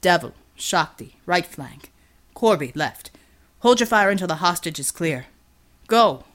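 A woman's voice: lowish voice, animated, unhurried, a bit bright. A woman voicing a stern male squad leader giving clipped orders. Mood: commanding. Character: stern male squad commander, calm under fire.

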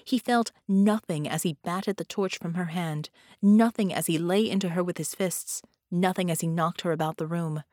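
A woman narrating a dramatic superhero audiobook in a measured, storytelling manner. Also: lowish voice, a little mellow, no room sound, studio quality.

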